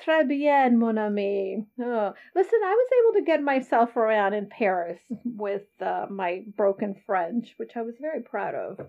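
A woman's voice: medium pitch, animated, moderate pace, few pauses, dark tone, lo-fi sound. A woman podcast host in casual interview chat, chatty and effusive. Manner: chatty, effusive, laughs easily.

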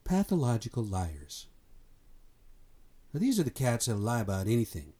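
A man's voice: medium pitch, big pitch swings, fast talker, mellow. Blunt, fired-up American man ranting. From United States. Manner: blunt, fired up, swears, repeats himself. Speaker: commentator. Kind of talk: opinionated monologue.

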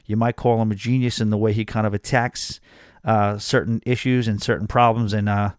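A man's voice: lowish voice, a little fast, smooth, no room sound, studio quality. Chatty New podcast host, man. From New York. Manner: chatty and animated, with frequent fillers. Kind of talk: casual podcast storytelling.

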